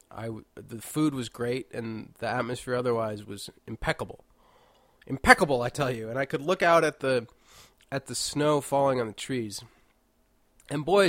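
A man's voice: mid-range voice, no echo, clean studio sound. A congested man hosting a casual solo monologue, rambling and jokey with mock-indignant asides, indoors at home. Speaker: podcast host.

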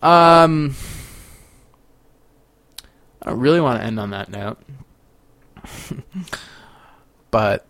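A young man from Sacramento hosting a solo podcast, rambling and profane, swinging between quiet musing and loud ranting. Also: on the low side, slow pace, vocal fry, long pauses, dry recording. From Sacramento, California. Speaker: podcast host.

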